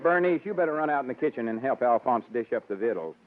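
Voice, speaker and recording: A man's voice: medium pitch, expressive, fast talker, phone-quality sound, close to an everyday voice. An actor playing a pompous old man with a drawl, pretending to be an earl in a 1940s radio sitcom. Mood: bossy. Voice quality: blustering, self-important. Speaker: comic actor. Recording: hissy old radio broadcast.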